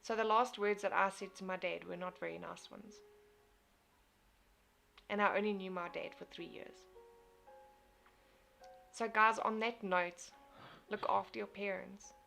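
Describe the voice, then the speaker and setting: Young woman giving a pep talk on a stream, earnest, keeps restarting phrases, soft music under. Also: medium pitch, steady tone, measured pace, gravelly, pauses often. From South Africa. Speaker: host reading viewer comments. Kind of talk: casual motivational live stream.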